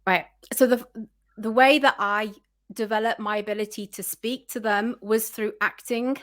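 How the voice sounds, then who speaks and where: A woman's voice: fairly high pitch, steady tone, moderate pace, a bit bright. Brief: female guest coach, earnest, encouraging, conversational. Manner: earnest, encouraging advice-giver. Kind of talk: casual interview chat.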